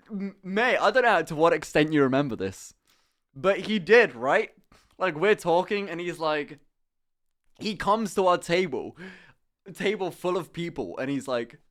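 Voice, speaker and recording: A young man streaming live, chatting casually with viewers and telling an animated, swear-laden story with frequent laughter. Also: high-pitched, measured pace.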